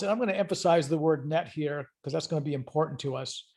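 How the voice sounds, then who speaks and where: Talking fast in a slightly high, somewhat mellow voice, this middle-aged man teaches accounting online. He walks through each step conversationally and puts questions to his students.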